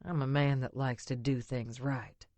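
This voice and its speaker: A woman voicing a rugged, possessive bearded man with a low rasping murmur, teasing and commanding in an audiobook. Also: level tone, a little slow, darkish tone, no room sound.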